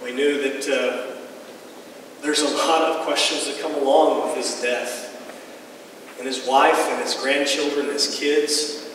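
A man's voice: mid-range voice, steady tone, a bit bright, a little hiss or hum. Man preaching in an echoey hall. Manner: conversational storytelling with halting restarts. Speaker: pastor. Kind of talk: sermon. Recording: echoey hall, mic far off.

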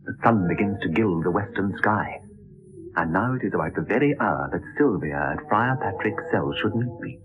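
A grave, loyal gentleman, calm and measured, with a low voice. Music plays clearly behind him, and the 1960s broadcast sounds narrow and tinny. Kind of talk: 1960s radio drama verse acting.

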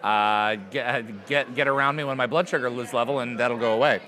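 A man's voice: mid-range voice, brisk, pushed and bright. A man hosting a casual chat at a live convention after-party, joking and self-deprecating. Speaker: podcast host. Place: busy convention venue. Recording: crowd noise behind. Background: chattering crowd.

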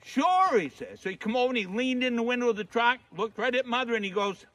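A man's voice: extremely high pitch, fast talker, fairly bright tone, dry recording. A middle-aged man with a Maine accent telling folksy comic stories in a drawling, down-home way, recorded outdoors in snowy woods. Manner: drawling, down-home, leans into voices for characters. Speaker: humorist storyteller.

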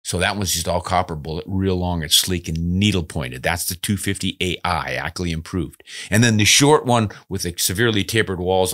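A man with a low voice hosts a casual podcast. He answers listener mail in a relaxed, folksy way, tossing in quick ad-libs and a good-natured chuckle now and then. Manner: easygoing, folksy, chuckles and ad-libs while reading letters.

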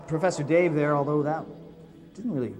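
A man's voice: fairly high pitch, brisk, a little mellow. A man co-hosting in a chatty, casual way. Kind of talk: casual chat.

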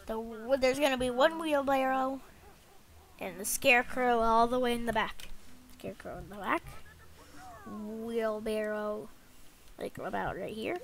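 A woman's voice: fairly high pitch, unhurried, pauses often, fairly bright tone, a little hiss or hum. A woman commenting on her own gameplay, thinking aloud in a hesitant way as she sets up her units. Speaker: gamer. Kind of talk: let's play commentary.

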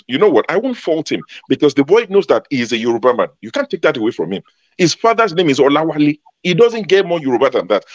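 A man's voice: fairly high pitch, dry recording, muffled recording. A man speaking as a panelist in a heated debate, emphatic and combative, repeating his points.

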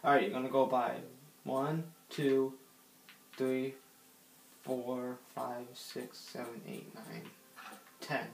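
A man's voice: mid-range voice, level tone, takes it slowly, creaky, pauses often, slight background noise. A man giving casual gameplay commentary, rambling and giggly, talking to himself while he plays. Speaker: gaming channel host. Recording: roomy echo.

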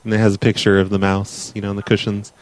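A man's voice: on the low side, completely flat delivery, fast, dry recording. A man hosting a live prank call show, teasing a caller in a mock-earnest way.

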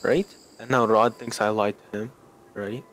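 A man's voice: on the low side, fairly even intonation, normal speed, a bit bright, slight background noise. A young man and student in a heated argument, insistent and aggrieved, pressing his point again and again. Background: music playing.

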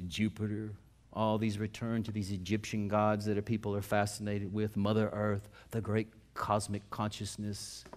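A male pastor preaching a sermon in a folksy, conversational way, rising to loud emphatic passages and dropping to quiet personal storytelling. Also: on the low side.

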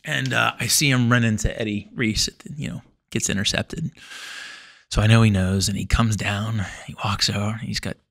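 A middle-aged man, a former swimmer, telling a long story in a casual interview, rambling and animated, full of fillers and restarts. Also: on the low side, normal speed, gravelly. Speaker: podcast guest, former Olympic swimmer.

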